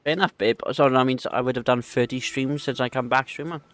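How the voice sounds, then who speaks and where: A man's voice: medium pitch, steady tone, a little fast, very noisy. A man streaming a video game who chats casually with viewers, rambling and correcting himself as he goes. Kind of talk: casual gaming livestream chat.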